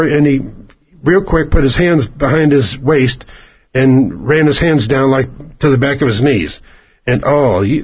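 Husky-voiced man ranting on lo-fi radio. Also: a little high. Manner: rambling, digressive and sarcastic. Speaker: radio commentator. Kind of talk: opinion monologue. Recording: dull lo-fi radio broadcast.

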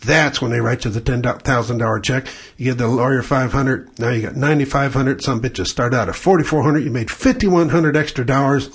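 Husky, profane comic. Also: male voice, mid-range voice, brisk, few pauses. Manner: blunt, profane, ranting storyteller. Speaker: stand-up comedian. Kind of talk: stand-up comedy routine.

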